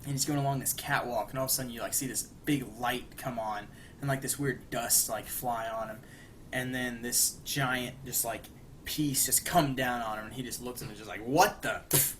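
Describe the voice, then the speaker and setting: A man's voice: mid-range voice, moderate pace. Man, young adult, podcast co-host, rambling recap, acted-out quotes, faint background noise. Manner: rambling, acts out quoted lines with animated bursts. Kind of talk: casual chat, retelling an episode.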